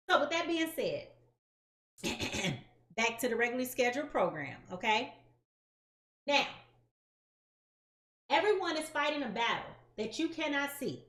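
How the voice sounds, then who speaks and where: A high-pitched woman chats directly with her audience, animated and sassy, leaning hard on her words. The sound has a roomy echo around it. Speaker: tarot reader. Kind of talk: casual direct-to-camera chat.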